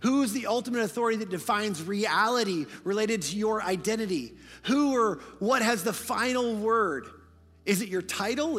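A man preaching from a large church stage, his voice high and carrying. He builds to fervent, emphatic peaks, then drops to near-whispers for quiet moments. A long hall reverb trails each phrase over faint music. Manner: impassioned, rising to near-shouting emphasis; drops to hushed, whispered lines for quiet points. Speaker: pastor. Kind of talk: sermon.

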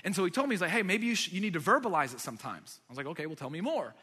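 A man preaching a sermon as pastor, emphatic and energetic, building to loud declarations. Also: high voice, rapid-fire, husky, in a large hall. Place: church sanctuary.

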